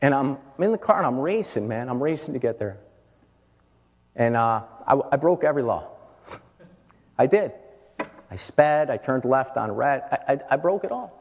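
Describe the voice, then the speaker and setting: A middle-aged man preaching a sermon, dropping to quiet storytelling and then rising to loud, shouted declarations. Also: mid-range voice, lively intonation, normal speed, pauses often. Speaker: pastor. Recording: long hall reverb.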